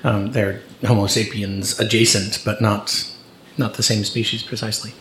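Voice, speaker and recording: A man's voice: on the low side, level tone, normal speed, a bit bright, echoey room, a little hiss or hum. A man co-hosting a casual podcast chat, easygoing and thoughtful. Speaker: podcast co-host and editor.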